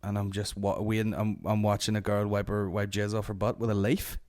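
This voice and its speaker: Male podcast host, low voice, dry close mic, rambling profane comic rant. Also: fairly quick, no echo. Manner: rambling, profane, deadpan storytelling.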